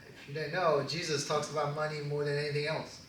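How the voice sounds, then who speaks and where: A man preaching a casual sermon as pastor, animated and quick to laugh at his own jokes. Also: on the high side, slight background noise. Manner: animated, laughing, joking asides. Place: church hall. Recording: echoey hall, distant mic.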